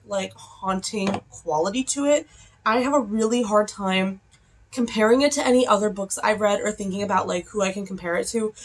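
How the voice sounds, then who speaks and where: A woman's voice: mid-range voice, a bit bright. A young adult woman chatting casually in a reading vlog, rambling along with lots of "like" fillers. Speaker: book vlogger.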